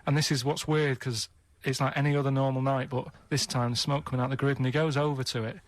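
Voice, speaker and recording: A man's voice: mid-range voice, level tone, quick pace, no echo. A man on a radio show telling a long, rambling story in a plodding way, repeating himself and checking in with "right?" at every turn. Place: radio studio.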